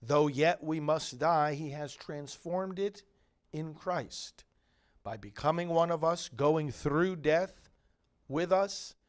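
A middle-aged male priest reading scripture and preaching a homily in slow, measured, solemn phrases. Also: on the high side.

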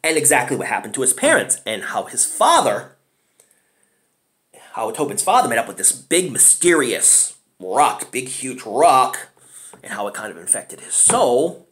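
A man giving a casual, rambling film review, chatty and often clearing his throat. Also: mid-range voice, very animated, a little slow, fairly bright tone. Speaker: movie reviewer.

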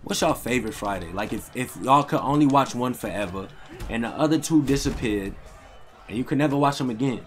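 A young man streams a fighting game with excitable, slang-heavy trash talk. His voice sits at an ordinary middle pitch. Faint music plays underneath his commentary. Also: fairly quick. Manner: trash-talking, excitable, slangy, swears often. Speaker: gaming streamer. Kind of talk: live gameplay commentary.

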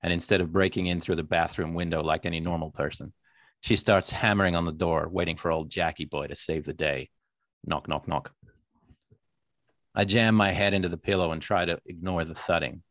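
A weary, hardboiled narrator tells his story in a slow, lowered American drawl, as an Australian man puts on the accent. The delivery is deliberate and noir-flavoured. The sound is close and dry. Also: fairly even intonation, a bit bright, no room sound. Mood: wry. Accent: American, put on by an Australian. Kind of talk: reading a novel aloud.

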